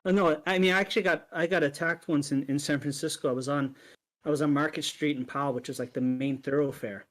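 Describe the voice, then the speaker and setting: Animated man telling a story. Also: fairly high pitch, quick pace. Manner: animated storyteller, acts out quoted voices. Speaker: podcast co-host. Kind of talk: casual storytelling chat.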